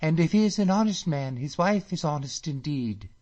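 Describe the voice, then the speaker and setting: A male audiobook reader voicing a spirited, proud young Highland woman with a lilting manner. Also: animated, measured pace, a little mellow, muffled recording. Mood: delighted.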